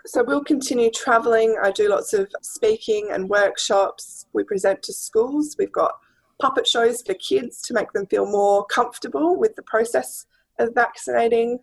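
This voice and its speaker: A woman's voice: fairly high pitch, moderate pace, poor audio. An Australian woman speaking as a guest and charity director, talking earnestly and steadily in a podcast interview.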